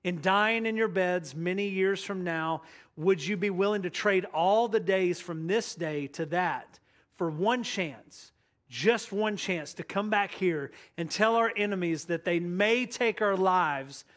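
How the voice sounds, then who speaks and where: A defiant warlord rallies his troops with a high, ringing call to stand and fight, as a preacher reads the speech aloud. The delivery is plain rather than theatrical, sounding like a sermon illustration rather than a film scene. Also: unhurried, a bit bright. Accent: none, plain delivery with no put-on accent. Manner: rousing, defiant battle speech. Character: medieval rebel commander rallying his army.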